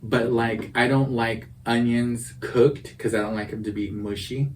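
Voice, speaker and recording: A man's voice: medium pitch, fairly even intonation, a little slow. Mock-indignant man, off-mic. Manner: emphatic, mock-indignant joking. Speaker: podcast co-host. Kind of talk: casual chat over drinks. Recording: distant mic with faint background noise.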